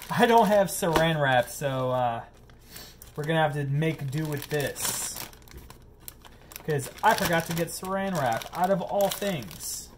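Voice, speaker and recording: Chatty, goofy cooking host. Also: male voice, fairly high pitch, noisy background. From Lower Peninsula of Michigan. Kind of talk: casual cooking vlog.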